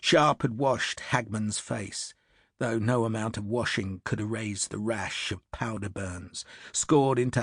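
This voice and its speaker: Slow husky male audiobook narrator. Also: lowish voice, fairly bright tone, no echo, studio quality.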